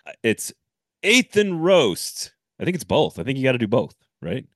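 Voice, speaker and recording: A man co-hosting a casual sports podcast, animated and rambling, often laughing and restarting. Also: medium pitch, quick pace, breathy edge, dry recording, studio quality. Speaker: podcast co-host.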